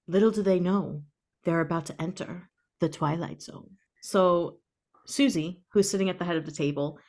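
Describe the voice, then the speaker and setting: A woman co-hosting a podcast, improvising a spooky story with playful, deadpan narration and quick mock voices for her characters. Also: on the low side. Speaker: podcast co-host.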